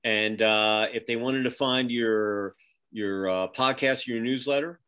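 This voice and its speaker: Signing off a casual interview over a video call from his home office, this middle-aged magazine publisher and podcast host rambles with many fillers and restarts. His mid-range voice sounds fairly bright and clean, with a steady tone and measured pace.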